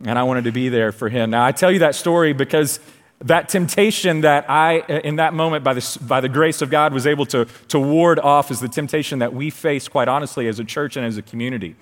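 Fired-up man preaching in a big hall. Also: medium pitch. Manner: excited, storytelling, quick asides. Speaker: children's ministry leader. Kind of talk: sermon with personal story. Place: large church stage. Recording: long hall reverb.

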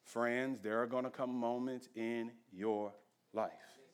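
A male pastor preaching a sermon in a church. His delivery is conversational and swings between loud emphasis and hushed intensity. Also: mid-range voice, fairly even intonation, takes it slowly, smooth.

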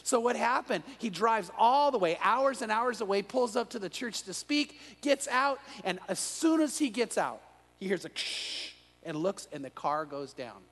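A man with a notably high voice preaches an evening sermon, telling his stories with animation and tripping over restarts as he goes. His words ring out with a long reverb, as in a large church sanctuary. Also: moderate pace. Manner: animated storyteller with frequent restarts. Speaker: pastor.

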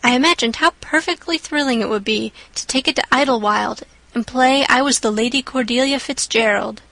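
A woman voicing an imaginative, dramatic young orphan girl who talks in breathless, earnest rushes. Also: on the high side, creaky, a bit bright, no echo, low-quality recording. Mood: confessing. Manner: breathless, pleading then earnest.

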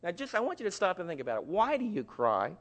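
A man preaching with a slightly raised pitch, his voice carrying a long reverb as in a church hall. He swings from loud outbursts to hushed, intimate tones and acts out the voices of churchgoers. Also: wildly swooping pitch, quick pace. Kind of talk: sermon.

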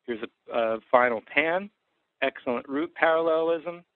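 A man's voice: a little high, unhurried, smooth. A man who is an orthodontist, giving a methodical clinical lecture on treatment cases, with frequent fillers. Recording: dry tinny phone-like sound.

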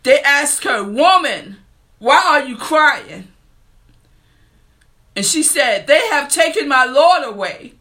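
Woman preacher, high and bright, slow and earnest sermon delivery. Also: lively intonation. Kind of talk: sermon with scripture reading.

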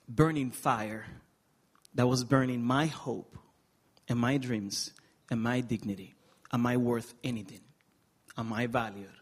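A middle-aged man from the Republic, telling his life story as an interview guest in an earnest, emotional way with touches of humor. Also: medium pitch. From Dominican Republic. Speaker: guest speaker. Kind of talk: personal testimony interview.

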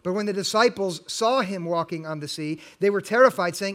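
A man's voice: high voice, fairly quick, few pauses, a bit bright. A middle-aged male pastor preaching a sermon, earnest and building to emphatic exhortation.

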